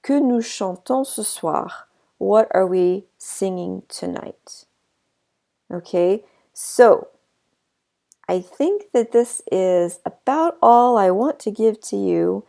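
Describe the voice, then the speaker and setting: A woman teacher explaining French grammar in a relaxed recorded lesson, with fillers, asides and a slight cough. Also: mid-range voice, slow pace, vocal fry. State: a bit of a cough.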